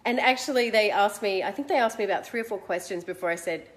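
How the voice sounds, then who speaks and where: A woman's voice: medium pitch, fast talker, few pauses. Chatty Australian woman telling a story. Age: 40s. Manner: chatty, self-mocking, animated. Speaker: host. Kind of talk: casual personal storytelling.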